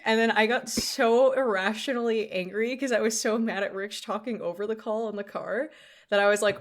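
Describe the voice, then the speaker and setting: A woman's voice: on the high side, brisk. Woman animatedly telling a story on a podcast. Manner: animated storytelling, laughs often. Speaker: podcast co-host. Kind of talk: casual chat.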